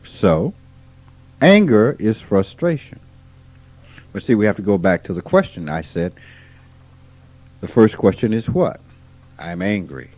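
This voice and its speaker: A man gives an informal spiritual talk. He is folksy and unhurried, and he asks questions and then answers them himself. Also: on the low side, darkish tone, no room sound. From Mississippi, USA. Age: 50s. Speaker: spiritual teacher. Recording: dull archival tape recording.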